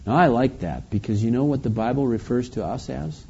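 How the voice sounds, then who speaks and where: A man preaching, reading scripture aloud slowly and then explaining it in a conversational way. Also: medium pitch, gravelly, darkish tone, slightly rough. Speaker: pastor. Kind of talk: verse-by-verse Bible teaching. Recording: dull lo-fi recording.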